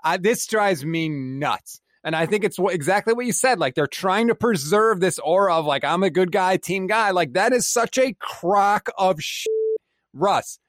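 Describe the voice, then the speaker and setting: High, lively man ranting. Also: unhurried, dry recording, clean studio sound. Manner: fired-up, ranting, swears. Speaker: podcast co-host. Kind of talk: casual sports chat.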